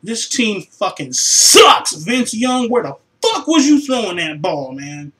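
A man in his room ranting as a sports fan, profane and exasperated, sighing heavily and swinging between low mutters and sudden shouts. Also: very animated, slow, poor audio. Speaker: vlogger reacting to a football loss. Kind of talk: angry fan rant.

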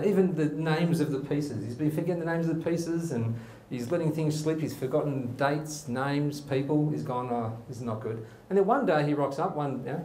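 A man's voice: a little high, a little mellow. A man hosting a joke show, telling a joke with many hesitant fillers. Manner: hesitant, frequent uh fillers, bursts of quick talk. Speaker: host. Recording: echoey room with background noise.

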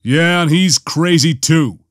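A man voicing a gruff, sardonic male smuggler pilot in an audiobook. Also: medium pitch, animated, normal speed, no echo, clean studio sound, lightly acted. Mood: exasperated. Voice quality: growling, sardonic.

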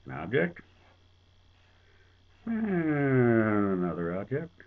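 A man hosting his own show and telling a joke in a folksy, rambling way. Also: low-pitched. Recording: tinny phone-like sound.

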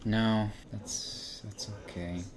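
A young man streaming a horror game, commenting in an exasperated way and breaking into shouts and laughs. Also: on the low side, steady tone, extremely slow, heavy background noise. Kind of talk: frustrated gameplay commentary.

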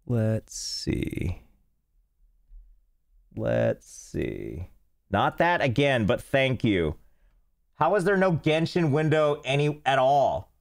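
A man's voice: mid-range voice, big pitch swings, takes it slowly, vocal fry, pauses often, no echo, clean studio sound. A man streaming a game, chatting casually and self-mockingly as he fights technical trouble. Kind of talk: casual live-stream chat. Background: faint game music.

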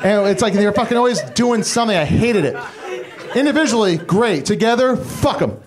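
A man's voice: high voice, lively intonation, a little fast, over a noisy crowd, heavy background noise. A man doing a stand-up set, rambling and self-deprecating, with profane asides and stammering restarts. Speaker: stand-up comedian. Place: comedy club stage. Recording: live club recording with audience laughter. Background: audience laughing.

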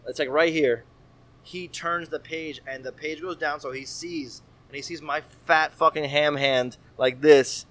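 A man in his thirties, a guest on a casual podcast, telling stories in an animated, profane, slangy way. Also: a little high, unhurried, slight background noise. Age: 30s. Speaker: guest artist.

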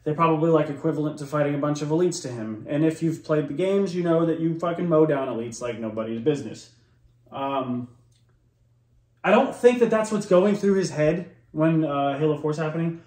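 A man's voice: fairly high pitch, brisk, darkish tone, reverberant. A man doing heated reaction commentary, swearing a lot and stumbling over fillers and restarts. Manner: profane, heated, lots of likes and restarts.

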